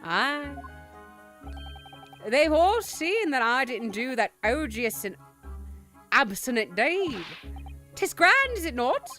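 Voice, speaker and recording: A woman's voice: high voice, very animated, takes it slowly, pauses often, sharp tone, faint music behind, heavily acted. Woman doing a jovial Irish tycoon. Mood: jovial boastful. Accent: put-on Irish. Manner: hammy, jovial brogue with lilting rises. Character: boastful middle-aged Irish tycoon man.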